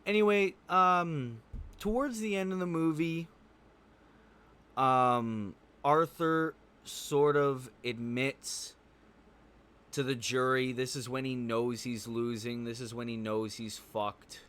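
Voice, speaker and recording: A man's voice: medium pitch, takes it slowly, fairly bright tone, clear, resonant tone. Blunt, cussing man reviewing a movie. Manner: blunt, profane, rambling with fillers. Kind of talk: casual spoken review.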